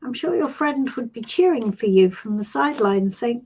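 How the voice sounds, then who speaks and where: Middle-aged British woman, tarot host; warm, encouraging coaching talk, animated delivery over slightly muffled stream audio. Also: fairly high pitch, moderate pace, hardly any pauses, slightly rough. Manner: warm, reassuring, calls people sweetie. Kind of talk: live-stream coaching chat.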